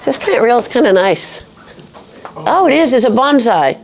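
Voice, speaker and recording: This podcast guest has a high-sided, very animated voice and a moderate pace as she earnestly reflects on her personal faith story. She often restarts her sentences. There is slight background noise.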